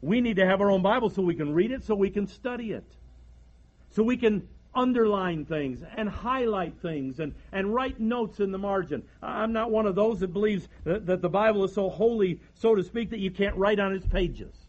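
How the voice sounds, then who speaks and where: High-voiced preacher, folksy. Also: male voice, moderate pace, muffled recording. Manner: folksy, repeats words and restarts sentences. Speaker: pastor. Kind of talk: sermon.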